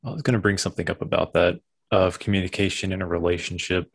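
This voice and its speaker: A man appearing as a podcast guest, speaking calmly and explaining his thoughts carefully. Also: sits low, fast, vocal fry, husky. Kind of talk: casual conversation.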